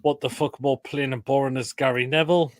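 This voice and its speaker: A man's voice: mid-range voice, fairly even intonation, brisk, no room sound. Blunt English man giving crude food verdicts. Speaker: host. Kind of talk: casual live-stream chat.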